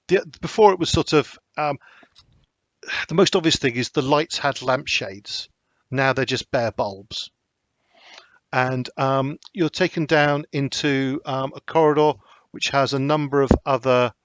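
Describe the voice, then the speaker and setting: A man leads a tabletop horror game as its game master. He narrates in a halting way, with frequent ums and restarts, at an ordinary pitch. The recording is dry and slightly dull, like modest lo-fi gear. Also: no echo. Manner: hesitant, many ums and restarts.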